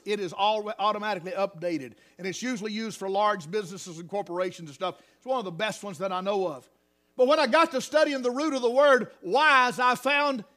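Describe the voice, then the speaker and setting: A high-pitched man delivers a sermon. He speaks softly at times, then climbs into loud, fervent preaching punctuated with hallelujahs. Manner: builds from quiet talk to loud, rising preaching with hallelujahs. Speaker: pastor.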